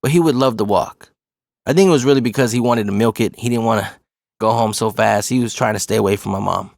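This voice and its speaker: A man telling a personal story in a casual, profane, animated way. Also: on the low side, fast, creaky, no room sound, clean studio sound.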